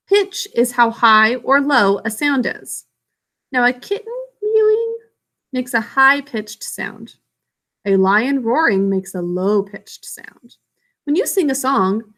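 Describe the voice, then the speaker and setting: Slow, patient woman teacher. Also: on the high side, sharp tone. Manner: slow, patient explaining to children. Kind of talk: classroom science lesson.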